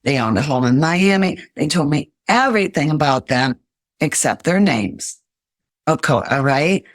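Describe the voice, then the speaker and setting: A woman's voice: deep voice, animated, normal speed, no room sound, clean studio sound. An older woman, a podcast guest, earnestly telling her life story in an interview.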